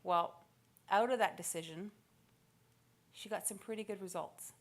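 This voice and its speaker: A woman in her forties giving a motivational keynote speech, telling stories with lively acted-out quotes. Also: medium pitch, normal speed. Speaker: keynote speaker. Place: conference stage.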